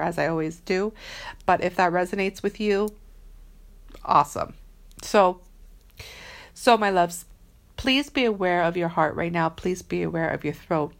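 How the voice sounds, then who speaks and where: Slangy, earnest woman with a low voice. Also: vocal fry. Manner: earnest, chatty, slangy, many fillers. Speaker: spiritual reader. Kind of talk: casual spiritual vlog talk.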